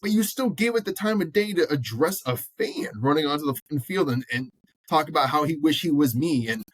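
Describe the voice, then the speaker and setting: A man's voice: a little high, brisk, no room sound. Blunt, swearing podcast co-host man. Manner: blunt, animated, swears freely, acts out quotes. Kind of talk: casual sports chat.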